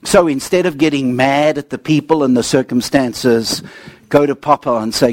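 A man preaching a sermon, telling humorous stories and swinging between excited highs and quiet, serious lows. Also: normal speed, no echo. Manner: animated storytelling with jokes, swinging from high to low.

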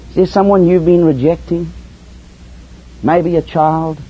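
A man preaching a sermon, dropping to hushed lows and rising to soaring, emphatic highs. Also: expressive, normal speed, long pauses. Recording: dull lo-fi sermon recording with faint hiss.

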